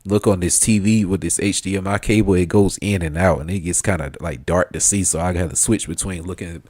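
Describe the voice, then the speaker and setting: A man chatting casually while he streams a video game. His voice sits low, and he rambles, piling up fillers and swearing as he talks. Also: fairly even intonation, brisk, darkish tone. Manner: rambling, filler-heavy, laughs easily, swears. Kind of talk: casual gameplay commentary.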